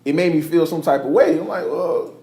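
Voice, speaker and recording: A man in his twenties telling a personal story on a discussion panel, animated and acting out the dialogue he recalls. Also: a little high, quick pace, roomy sound. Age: 20s. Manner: animated, quotes others in dialogue, laughs while telling. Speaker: panel host.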